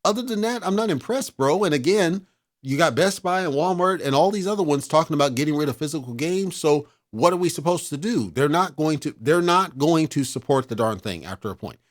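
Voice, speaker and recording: A man's voice: fairly high pitch, animated, fairly quick. A man hosting a casual talk show, giving blunt, exasperated opinions in a lecturing rant.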